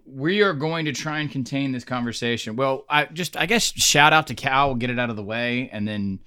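A man's voice: mid-range voice, normal speed, bright, forceful tone, clear, resonant tone, no room sound, studio quality. Chatty man hosting a sports podcast. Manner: chatty, rambling, lots of fillers. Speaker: podcast host. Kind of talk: casual sports chat.

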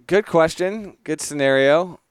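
A man's voice: on the high side, a little slow, clear, resonant tone, no echo. A man co-hosting a sports podcast, joking and playful, often restarting his sentences. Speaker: podcast co-host. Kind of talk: casual podcast chat.

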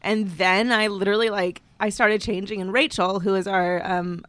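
A woman on a podcast tells a story in a loose, chatty way and bounces into higher voices when she quotes people. Her voice has a mid pitch. The recording is dry and close. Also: fairly even intonation, moderate pace, fairly bright tone, no echo. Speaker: podcast co-host. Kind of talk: casual chat. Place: podcast studio.

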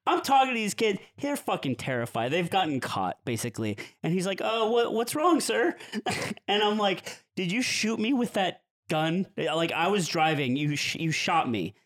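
A man's voice: on the high side, normal speed, hardly any pauses. A young man co-hosting a podcast, casually telling a story and acting out what people said. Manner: animated storyteller, acts out quotes, swears freely. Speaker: podcast co-host.

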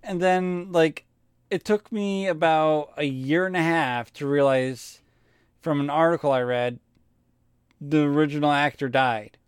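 A man's voice: a little high, unhurried, clear, resonant tone, no echo, clean studio sound. A man co-hosting a podcast, chatting casually and rambling through stories with plenty of swearing. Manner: rambling, swears freely when telling stories. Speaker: podcast co-host. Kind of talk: casual chat.

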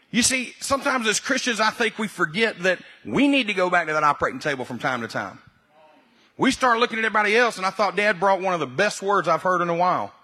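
Forceful husky male preacher. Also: on the high side. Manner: repeats key phrases for emphasis, builds to loud emphatic peaks. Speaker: pastor. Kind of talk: sermon.

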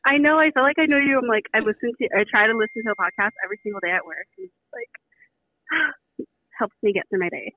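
A woman's voice: fairly high pitch, expressive, fairly quick, no room sound. A woman in her twenties from San Jose, a caller gushing and giggling as a fan over the phone. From San Jose, California. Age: 20s. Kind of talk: phone call chat. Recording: tinny dry phone line.

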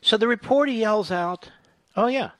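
A man's voice: high-pitched, normal speed, fairly bright tone, no room sound, clean studio sound. A middle-aged man hosting a political talk radio show, delivering a mocking, sarcastic monologue.

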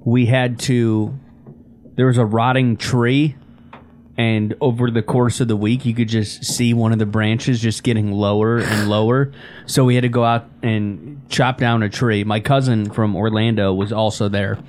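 Male podcast co-host, low-pitched, dry and laid-back, casual storyteller. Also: fairly even intonation, measured pace, a little mellow. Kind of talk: casual sports podcast chat.

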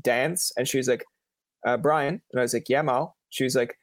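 A man's voice: medium pitch, normal speed, no echo. A young man from Newfoundland with a Newfoundland accent, hosting a casual chat and acting out voices in his stories. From Newfoundland, Canada. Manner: lively storyteller, acts out voices. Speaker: podcast host.

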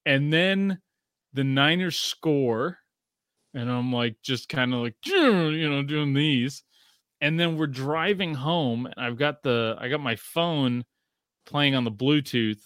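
A man from Australia chats casually as a podcast host, his voice bright and forward. He rambles with many fillers and restarts. The sound is dry and close, with no room around him. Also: mid-range voice, takes it slowly, dry recording. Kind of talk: casual chat.

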